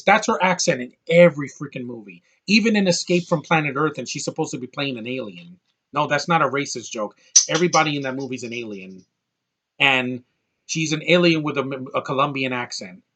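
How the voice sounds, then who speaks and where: A man's voice: fairly high pitch, expressive, normal speed, sharp tone. A man giving a casual, blunt film review, ranting and exasperated about what he dislikes. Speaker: movie reviewer.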